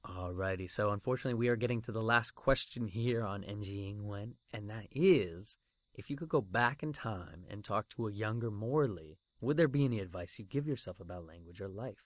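A man's voice: lowish voice, expressive, brisk, dry recording, studio quality. A man hosting an interview in English, friendly and agreeable, often laughing along. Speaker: interviewer host. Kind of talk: casual interview chat.

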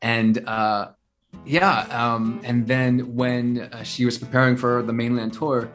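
Guy telling a story all animated, lots of uh and um, soft music underneath. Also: mid-range voice, slow. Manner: animated storyteller, many fillers and restarts. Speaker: interview guest, singer-songwriter. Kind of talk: casual phone-style chat.

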